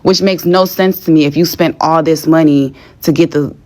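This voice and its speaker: A woman's voice: low voice, steady tone, moderate pace, dark tone. A young woman telling a story in a casual, exasperated rant with plenty of swearing. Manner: profane, exasperated.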